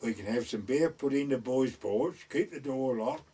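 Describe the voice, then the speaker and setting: A man's voice: medium pitch, moderate pace, dark tone, breathy edge, distant mic. An older man with a North Essex and West Suffolk border accent, telling village stories in a rambling oral-history way and voicing the people he quotes. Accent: North Essex / West Suffolk border dialect. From East Anglia, England. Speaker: village storyteller. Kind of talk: recorded oral-history storytelling.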